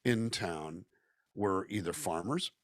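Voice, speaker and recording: A man's voice: low-pitched, slow pace, no room sound, studio quality. A man from Southern California, a guest musician and actor, talking at length and thoughtfully over a video call. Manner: reflective, talkative, acts out quoted voices. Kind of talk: casual interview chat.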